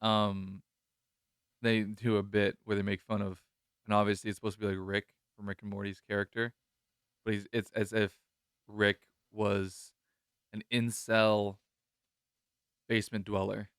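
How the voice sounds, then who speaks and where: A man's voice: on the low side, flat delivery, fairly bright tone, smooth, dry recording, studio quality. A man hosting a podcast who chats casually, rambling and joking. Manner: rambling, jokey, quick to laugh. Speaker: podcast host.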